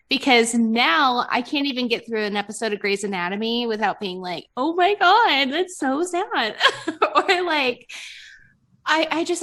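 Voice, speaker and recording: A woman's voice: on the high side, sharp tone. A young adult woman hosting a podcast, chatting casually and expressively, with a loose, profane way of talking. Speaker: podcast host. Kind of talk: casual chat.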